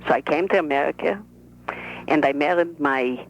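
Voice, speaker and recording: Woman voices reserved elderly grandmother, halting English, muffled phone line. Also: deep voice, a little hiss or hum, lightly acted. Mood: shy, earnest. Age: older. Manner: soft-spoken, measured, slightly broken English. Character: shy, careful elderly Russian-born grandmother. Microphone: telephone. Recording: dull telephone line.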